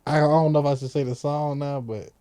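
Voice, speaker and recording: A man's voice: on the high side, steady tone, fast, mellow, smooth, no room sound. A man, a rapper guest, telling stories in a laid-back, slangy way. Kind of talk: casual interview chat.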